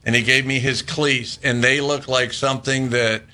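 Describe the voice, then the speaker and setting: A man in his sixties, a former baseball player, telling animated anecdotes in a casual interview and laughing often. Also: medium pitch, normal speed.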